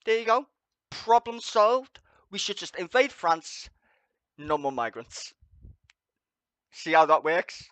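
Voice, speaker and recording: A man's voice: a little high, big pitch swings, measured pace, pauses often, bright, forceful tone, no echo. Guy ranting on stream, sweary and mocking, voice jumps all over, dry close sound. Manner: mocking, swears constantly, laughs at own jokes. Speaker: livestream host. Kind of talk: profane sarcastic ranting commentary.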